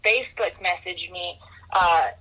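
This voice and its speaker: A woman guest on a podcast, talkative and energetic, often restarting her sentences, who grew up in California. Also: fairly low pitch, a little slow, slightly rough, poor audio. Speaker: podcast guest, rodeo commissioner. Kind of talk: casual interview talk.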